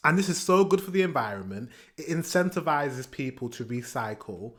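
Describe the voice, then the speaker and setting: British man ranting on a reaction video. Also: medium pitch. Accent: British English. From England. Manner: animated, ranting, pauses to comment. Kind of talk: casual reaction commentary.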